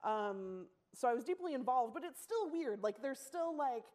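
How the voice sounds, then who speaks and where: A woman answering an audience question on stage, halting and filler-heavy with a dry, amused tone. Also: high-pitched, animated, darkish tone. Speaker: panelist and writer. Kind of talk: candid conversational talk on stage. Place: theater stage before a live audience.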